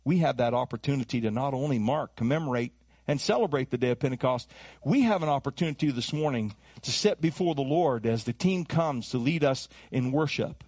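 A man preaching a sermon as pastor, animated, dropping into acted voices and to make his points. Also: mid-range voice, brisk, no room sound. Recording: dull lo-fi dry recording.

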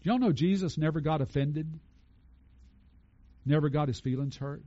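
A man's voice: a little high, normal speed, warm tone, muffled recording. A man preaching a conversational sermon and asking his congregation questions. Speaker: pastor.

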